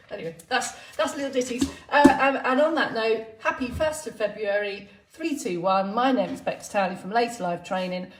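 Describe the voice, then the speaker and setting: A woman's voice: a little high, normal speed, slight background noise. A woman exercise instructor chatting playfully on a live stream, laughing often. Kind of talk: live-streamed casual chat. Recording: roomy, distant sound.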